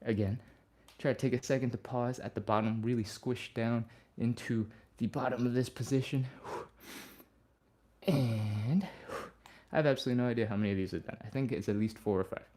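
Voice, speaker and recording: A man leading a live stretching workout as the instructor. He talks through each move in a relaxed, upbeat way and sighs and breathes audibly between cues. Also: medium pitch, fairly quick. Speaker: fitness instructor.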